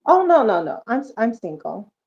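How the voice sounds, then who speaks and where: A middle-aged woman from South Central Los Angeles calling into a livestream over video call, speaking politely and softly. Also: on the high side, very animated, normal speed. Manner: polite, soft-spoken, light laughs. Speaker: caller. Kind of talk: casual call-in chat. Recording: slightly dull video call audio.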